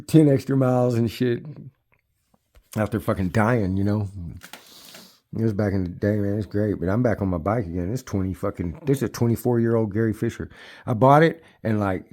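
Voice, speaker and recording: A man's voice: mid-range voice, warm tone. A man in his fifties talking casually to camera about his e-bike, rambling and swearing often, with frequent restarts. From United States. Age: 50s. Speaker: e-bike vlogger. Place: at home near his bikes.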